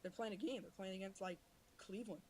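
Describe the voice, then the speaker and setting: A man's voice: high voice, quick pace, darkish tone, a little hiss or hum, poor audio. A man co-hosting a casual podcast, rambling loosely and breaking into heated, swearing rants. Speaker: podcast co-host. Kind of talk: casual chat.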